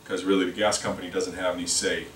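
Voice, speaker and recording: A deep, slightly bright voice with little pitch movement belongs to a fast-talking sales rep leading a lunch-and-learn product training. He rambles, repeating words and restarting often. The recording is echoey and distant, with faint noise.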